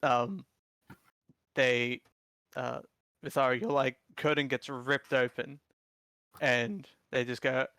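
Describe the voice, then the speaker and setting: A man's voice: mid-range voice, fairly even intonation, slow pace, pauses often, pushed and bright, clear, resonant tone, no echo. A man narrating a tabletop game as game master, in a casual, rambling way full of fillers.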